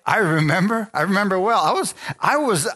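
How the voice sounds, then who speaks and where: High, pushed, and bright, the man's voice runs a little fast with lively intonation. He's a middle-aged preacher giving testimony in a sermon, acting out the dialogue of his own story and calling for amens from the crowd.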